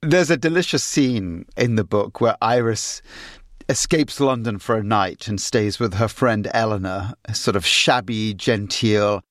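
A man's voice: lowish voice, measured pace, no room sound, studio quality. A man hosting a book interview, articulate and enthusiastic. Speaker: interview host. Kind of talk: interview talk.

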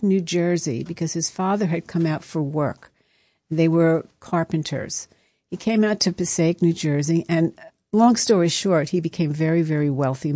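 Low-pitched and dark in tone, a woman hosting live studio radio spins anecdotes in a chatty, meandering manner, often restarting her sentences. There is no room sound on her studio microphone.

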